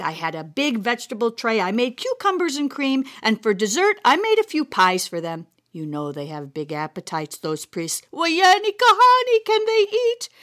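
A proud, no-nonsense grandmother, put on by a woman narrator shares old memories in a chatty, fond way. Her voice swings up and down through a lively range. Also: a little high. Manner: fond, chatty storytelling with exclamations. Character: older grandmother, retired cook, plainspoken and proud.

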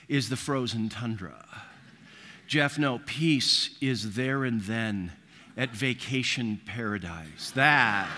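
A man's voice: mid-range voice, pushed and bright. A man preaching a sermon, telling stories with quoted voices and humor. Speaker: pastor. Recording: long reverb of a large hall.

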